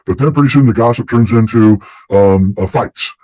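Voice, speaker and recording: A man's voice: fairly low pitch, moderate pace, dark tone, no room sound, rough recording. A man hosting a casual talk show, telling stories in a rambling way with many restarts. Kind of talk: casual conversation.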